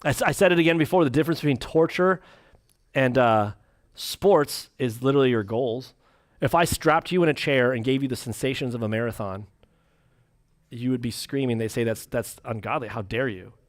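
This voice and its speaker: A man, a pastor, teaching a church class, reading quotes and joking between them in quick put-on voices. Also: mid-range voice, no room sound, clean studio sound. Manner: animated, jokey, acts out quick voices.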